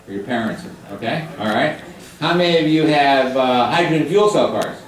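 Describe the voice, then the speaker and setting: Older man, guest lecturer, quizzing students, joking, average pitch, far from mic, booming echo. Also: animated, normal speed. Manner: chatty, jokey, quizzes the audience. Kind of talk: classroom lecture with questions to students. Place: high school hall or classroom. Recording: echoey room, mic at a distance.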